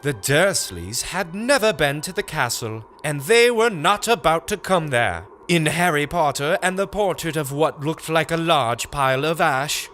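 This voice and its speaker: A man narrating a comic nonsense story with a slow, deadpan delivery. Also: a little high. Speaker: audiobook narrator.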